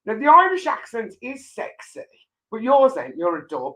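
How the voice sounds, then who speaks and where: A woman's voice: on the high side, huge pitch swings, moderate pace, a bit bright, slight background noise. Giggly woman hosting a chat show. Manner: giggly, teasing banter. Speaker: host. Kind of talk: casual chat reading viewer comments on a live show.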